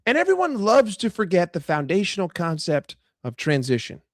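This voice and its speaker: A young man rants casually about football on his vlog, swearing often. His voice sits high and leaps around. The sound is dry and close. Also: moderate pace, no echo. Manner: profane, animated, chatty. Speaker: football vlogger.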